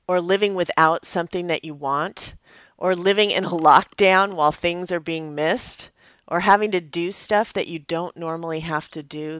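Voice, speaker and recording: A low-pitched woman gives a devotional teaching, earnest and reflective in tone. She talks conversationally, as if to a friend. The sound is dry and close, with no room echo. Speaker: pastor.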